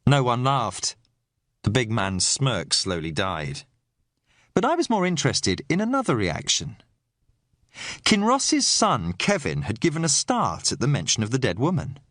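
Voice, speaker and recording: Male audiobook narrator, mid pitch, animated delivery, dry studio read. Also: measured pace, no room sound. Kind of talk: scripted first-person audiobook narration.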